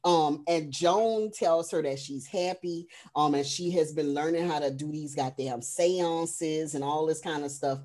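A woman co-hosts a movie review podcast in easy, casual chat. She retells a film's plot with lively energy and plenty of profanity. Her talk is loose and rambling, packed with "um" and "like.". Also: low voice, a little slow, few pauses. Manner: frequent fillers like "um" and "like".

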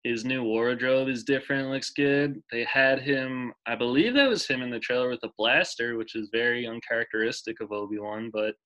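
Bright-voiced man in his twenties, enthusiastic. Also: medium pitch, normal speed, hardly any pauses, low-quality recording. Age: 20s. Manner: enthusiastic, emotional, rambling with restarts. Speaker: podcast co-host. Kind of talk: casual chat.

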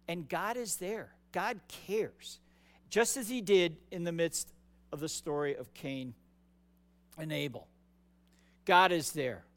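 A male pastor delivering a sermon in a notably high voice. He takes his time, speaking slowly and casually. He often doubles words for emphasis. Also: a bit bright. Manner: conversational and emphatic, repeats words.

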